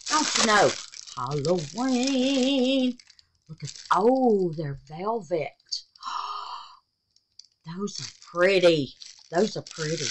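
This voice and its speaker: A woman's voice: on the low side, noisy background. A woman hosting a crafting vlog in her home art room, chatting with viewers and calling them baby and darling. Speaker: resin art channel host. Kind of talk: casual crafting vlog chat.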